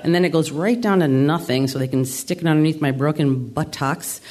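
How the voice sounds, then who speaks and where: A woman from the Adirondacks of New York, in her sixties, delivers a self-deprecating comic story live to a theater audience. Her low-sitting voice is a little mellow, and her delivery is brisk.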